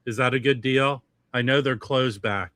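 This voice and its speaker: A man's voice: mid-range voice, moderate pace, a bit bright, dry recording. A man hosting a livestream in casual chat, chatty and hopping between topics. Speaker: livestream host.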